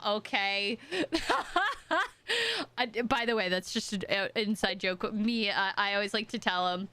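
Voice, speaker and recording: Streaming a game, a young woman from the United States talks with viewers in a high, bright, forceful voice. She rambles and giggles, often making fun of herself.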